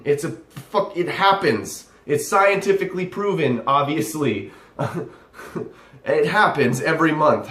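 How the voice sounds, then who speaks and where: A man's voice: on the high side, fairly bright tone. A young man ranting sarcastically at a text he reads aloud, swearing often and rambling. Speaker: vlogger. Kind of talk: ranting commentary reacting to a text. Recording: echoey room.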